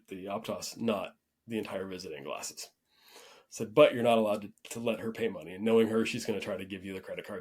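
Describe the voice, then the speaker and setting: Podcast host, male, lowish husky voice, casual storyteller who rambles and restarts. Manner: relaxed, rambling with frequent restarts.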